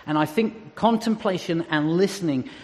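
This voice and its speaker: Middle-aged male preacher, high voice, chatty with light jokes, long hall reverb. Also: moderate pace, a little mellow. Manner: conversational with humorous asides. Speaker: church speaker. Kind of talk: sermon.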